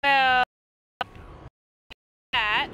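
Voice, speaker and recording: Woman game streamer, young, high voice, unhurried delivery, chatty commentary. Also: steady tone, pushed and bright, dull audio, a little hiss or hum. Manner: chatty, talks to the game and greets chat viewers. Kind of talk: live gameplay commentary.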